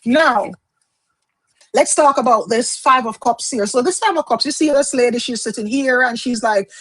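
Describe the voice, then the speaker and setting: A woman's voice: fairly high pitch, moderate pace, fairly bright tone, breathy edge, no echo, low-quality recording. Chatty woman reading tarot live. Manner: chatty, explanatory, often repeats and restarts phrases. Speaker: tarot card reader.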